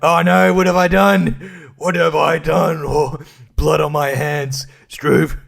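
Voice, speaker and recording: A man doing an exaggerated impression of a blustering, swearing male politician in a broad Australian accent, drawn-out and theatrical. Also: fairly high pitch, level tone, creaky, fairly bright tone, pitched above the performer's own voice, full character voice. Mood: blustering outrage. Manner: outraged and theatrical, slow and drawn-out.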